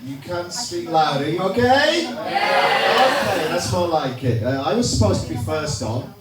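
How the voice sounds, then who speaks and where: A man's voice: on the high side, expressive, moderate pace. A man with a Yorkshire accent doing a stand-up comedy set, chatting with the crowd and tossing out sardonic asides. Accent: Northern English, Yorkshire. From England. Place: comedy club stage. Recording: echoey room, recorded from far off, noisy. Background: audience laughter.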